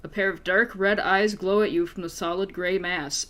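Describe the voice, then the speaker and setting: A woman acting as game master reads an adventure book aloud to her players, playful and casual, laughing and swearing among friends. Her voice is lowish and fairly bright, with fairly even intonation at normal speed.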